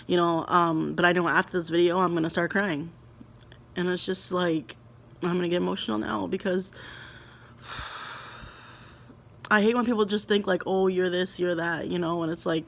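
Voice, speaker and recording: A young woman vlogging alone at home, talking to camera in a halting, confessional way, full of restarts and fillers. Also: on the low side, fairly bright tone.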